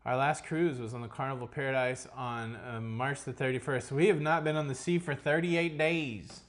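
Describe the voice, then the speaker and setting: A man's voice: mid-range voice, fairly even intonation, normal speed, a little hiss or hum. A man co-hosting a casual live cruise question-and-answer stream, rambling and full of puns. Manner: jokey, rambling, punning.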